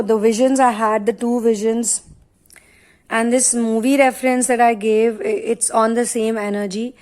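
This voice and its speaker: A woman's voice: mid-range voice, darkish tone. A woman from India giving a casual spoken channeling talk as a tarot reader, earnest and emphatic, with frequent fillers and restarts.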